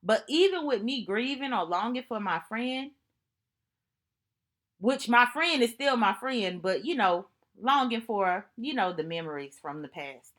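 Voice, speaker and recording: A woman speaking to camera in an earnest, reflective monologue, telling personal stories in an unhurried way and often repeating herself for emphasis. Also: fairly high pitch, animated, fairly bright tone. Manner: earnest, thoughtful, unhurried storytelling with repetitions. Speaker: vlogger.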